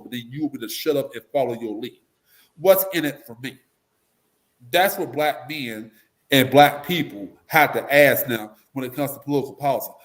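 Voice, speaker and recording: A man giving blunt, animated opinions as an interview guest, breaking into mocking voices to make his points. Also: mid-range voice. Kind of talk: casual political commentary.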